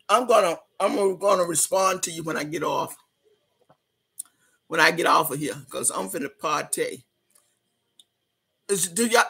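A woman's voice: medium pitch, creaky, husky. Rowdy laughing woman livestreamer. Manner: loud, laughing, rowdy party banter. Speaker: livestream host. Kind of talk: casual livestream chat reading comments.

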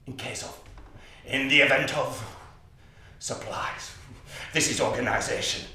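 An actor playing a menacing, order-obsessed psychopathic man in a stage monologue, slow and intense, dropping to whispers and bursting out loud. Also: medium pitch. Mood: fixated. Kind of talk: theatrical monologue. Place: theatre stage. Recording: distant, echoey stage recording.

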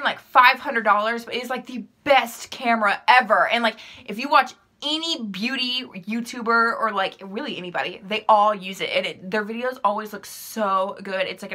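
A young woman talks directly to camera in a casual vlog, answering questions in a bright, forward voice on the high side. She's chatty and rambling, filling her answers with "like" and "um," and laughs easily at herself.

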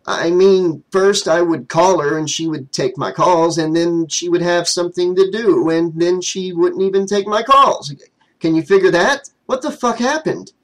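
A man doing Jimmy, a high, whiny young man. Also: animated, takes it slowly, hardly any pauses, fairly bright tone, exaggerated voice. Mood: exasperated. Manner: exasperated, complaining, sarcastic.

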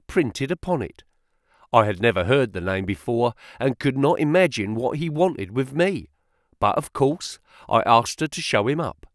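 A man reading a story aloud as an audiobook narrator, telling it in an expressive, storytelling way. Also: medium pitch, no room sound, clean studio sound. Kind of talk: scripted narration.

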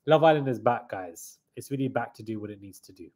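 A young man hosting a live reaction stream, excitable and hyped, calling out "guys" often, with a slightly stuffy nose. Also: mid-range voice, fairly quick, hardly any pauses. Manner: excitable hype talk, keeps saying "guys".

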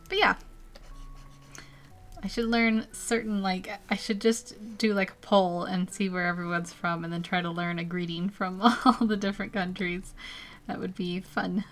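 A young-sounding woman talks loosely to her viewers while she draws. She giggles through her sentences and drifts from topic to topic, filling pauses with "um" and "uh". Her tone is relaxed and conversational, like an easygoing live stream. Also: mid-range voice. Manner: chatty and giggly, rambling with many fillers. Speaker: artist streaming a live drawing session. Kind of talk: casual live-stream chat while drawing.

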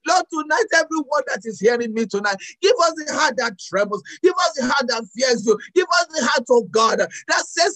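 A woman's voice: high-pitched, expressive, normal speed, few pauses, fairly bright tone, low-quality recording. A woman pastor preaching and praying over a video call, impassioned, repeating phrases and often raising her voice. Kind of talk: fervent sermon and prayer.

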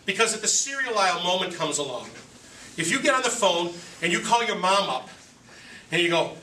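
A man's voice: high-pitched, brisk, noisy background. A man gives a joking, storytelling talk to a recovery meeting, acting out quotes and his own inner voice. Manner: direct and joking. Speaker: recovery speaker. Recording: echoey room from a distance.

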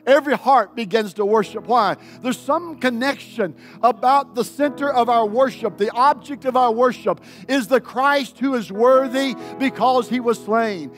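A man preaching a sermon as pastor, leading the congregation in call-and-response and building to loud, emphatic declarations. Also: extremely high pitch, normal speed, few pauses, soft background music. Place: church sanctuary.

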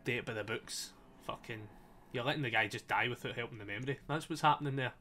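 Talking fast in a mid-range voice that's pushed, bright and a little strained, a man streams a story game. He banters with chat, laughs often, and cusses freely while the game's soundtrack plays faintly.

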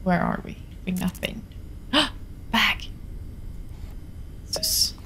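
Finnish-accented young woman streamer, unhurried and gravelly, jumpy, whispers at times. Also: mid-range voice, huge pitch swings, bright, forceful tone. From Finland. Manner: chatty, jumpy, drops to whispers. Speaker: game streamer. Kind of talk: live-stream horror game commentary. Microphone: desktop studio mic.

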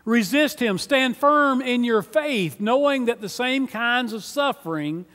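A man's voice: very high voice, expressive, unhurried, sharp tone. A man preaching a sermon as pastor, earnest and conversational, often repeating words as he starts a phrase. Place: church sanctuary. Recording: long hall reverb.

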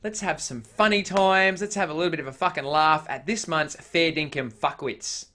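A man's voice: a little high, moderate pace, noisy background. An Australian man vlogging casually, blunt and heavily profane, with frequent filler sounds. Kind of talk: casual vlog chat.

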